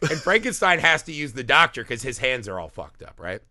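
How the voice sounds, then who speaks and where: A man co-hosting a movie podcast, chatting casually and swearing a lot, slipping into quick character impressions. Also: medium pitch, no room sound, clean studio sound. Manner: animated, profane, acts out characters in quick impressions. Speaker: podcast co-host. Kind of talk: casual movie-review chat.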